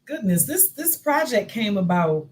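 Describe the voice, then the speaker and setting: A woman's voice: medium pitch, a little slow, rough recording. A woman in her fifties, a guest author, telling stories in casual chat with lots of laughter and "y'all". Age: 50s. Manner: lively, laughing, says y'all often.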